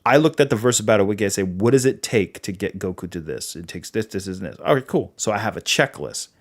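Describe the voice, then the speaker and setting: A man's voice: on the low side, fast. A young man with a Boston accent hosting a livestream, rambling casually and acting out quoted dialogue. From New England. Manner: rambling, animated, full of fillers and quoted dialogue. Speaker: livestream host.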